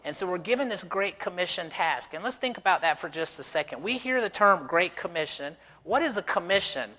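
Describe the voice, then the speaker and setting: Missionary guy preaching in a church, bright forceful voice, long hall echo, chatty storytelling. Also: sits high, lively intonation, brisk. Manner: conversational storytelling with rhetorical questions. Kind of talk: sermon. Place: church sanctuary.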